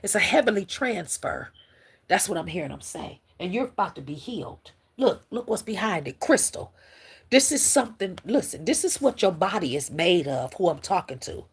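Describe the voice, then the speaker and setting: Husky, teary woman. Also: on the low side, big pitch swings, normal speed. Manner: emotional, preacherly, talks straight to viewers. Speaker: spiritual livestream host. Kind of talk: casual spiritual livestream talk.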